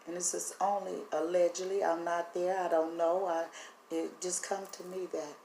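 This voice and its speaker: A woman speaks haltingly to her camera, her voice breaking as she holds back tears. The room around her is echoey, and a faint hum of background noise sits under her words. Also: fairly low pitch, little pitch movement, vocal fry, dark tone. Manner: earnest, halting, voice catching with emotion. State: voice breaking, teary. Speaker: vlogger sharing spiritual impressions. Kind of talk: emotional direct-to-camera talk.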